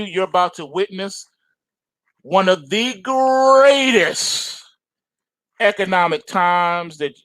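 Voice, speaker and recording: With a slightly high voice and no room sound, a man hosting a trading show pushes his market views on viewers emphatically. He's animated and repetitive, leans on slang, and addresses everyone as folks.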